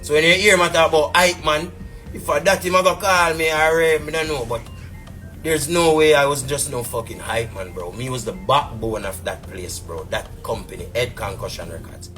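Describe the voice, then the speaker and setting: Jamaican man, patois, indignant rambling live-stream rant, higher-pitched, faint music behind. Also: moderate pace, bright, forceful tone. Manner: heated and indignant, rambling with repeated fillers. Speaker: businessman telling his side.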